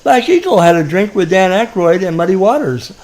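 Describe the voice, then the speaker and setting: A man's voice: sits high, sing-song, a little fast, a little mellow, a little hiss or hum. A man rambling through a chat, chuckling as he reads off stories. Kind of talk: casual chat.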